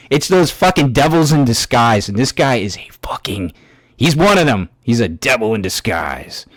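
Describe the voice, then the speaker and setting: A man ranting in an angry, heavily profane reaction commentary, with halting restarts and fillers. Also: mid-range voice, no echo. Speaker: YouTube commentator.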